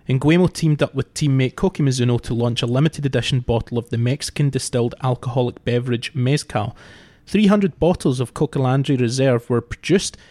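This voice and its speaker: Man reading out a quiz. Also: mid-range voice. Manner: steady, reads out quiz questions with a dry build-up. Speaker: podcast regular, quiz setter. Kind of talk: casual podcast chat.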